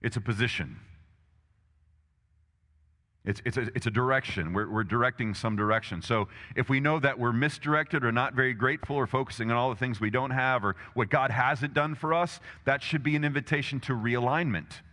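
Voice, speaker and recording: Guy preaching in a big echoey church, bright voice, talks to the crowd with lots of questions. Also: mid-range voice, a little fast. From Texas, USA. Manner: emphatic and conversational, with rhetorical questions. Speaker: pastor. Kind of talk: sermon. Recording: long hall reverb.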